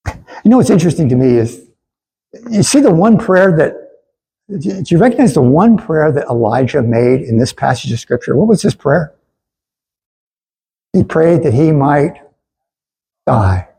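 A man's voice: on the high side, sing-song, unhurried, pauses often, dark tone, breathy edge, poor audio. A man preaching a sermon in an earnest way, with stammered restarts, and he asks the congregation to repeat lines after him. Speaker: pastor.

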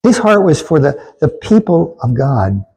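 A male pastor preaches with earnest conviction, stumbling over his words and starting sentences again. His voice is husky and mellow, and sits a little higher than most men's. He calls on the listeners to say the lines back to him. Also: big pitch swings, a little slow, poor audio. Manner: earnest, stammering restarts, calls for congregation response. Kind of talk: sermon.

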